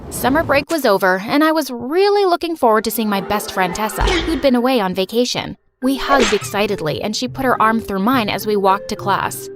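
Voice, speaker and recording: A woman narrating her own teenage story in a lively, expressive, breathless way. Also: fairly high pitch, brisk, few pauses, music in the background. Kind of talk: first-person story narration.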